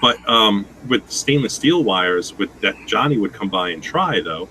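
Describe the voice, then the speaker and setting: A man's voice: lowish voice, animated, measured pace, sharp tone, slight background noise, rough recording. A man hosting a casual chat, telling long rambling stories full of swearing. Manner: rambling, profane storytelling. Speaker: host.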